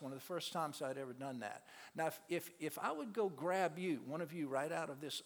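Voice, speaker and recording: A man's voice: a little high, very animated, a little fast. A man telling a testimony as a ministry teacher, an earnest storyteller who stumbles and repeats his words. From South Louisiana. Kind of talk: testimony talk to a church audience. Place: auditorium. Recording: long hall reverb.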